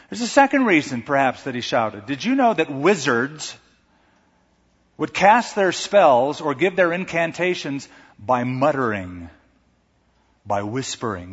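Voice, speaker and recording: A man preaching a sermon as pastor, animated, shouting out quoted lines. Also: a little high, husky. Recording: dull recording in a reverberant hall.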